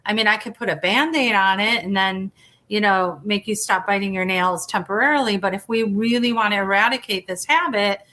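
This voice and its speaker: Bright-voiced chatty woman hypnotherapist. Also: medium pitch, fairly quick. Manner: chatty, restarts sentences, acts out quoted dialogue. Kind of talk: storytelling in a casual interview.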